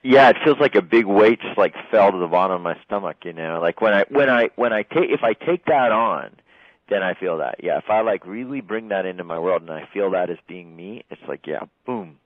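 Low-voiced man hosting a group call. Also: expressive, fairly quick, no echo. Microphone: video call. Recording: dry, phone-like call audio.

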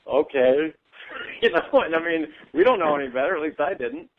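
Animated man on a tinny line. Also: on the high side, fairly quick. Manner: animated, laughs often, acts out voices when telling stories. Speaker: guest. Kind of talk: casual conversation. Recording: tinny phone-like audio.

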